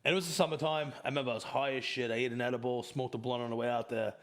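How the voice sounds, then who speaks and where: A man's voice: medium pitch, very fast. A man hosting a casual podcast, telling crude stories with lots of swearing and laughter. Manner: profane, animated storytelling with laughs. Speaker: podcast host. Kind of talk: casual chat.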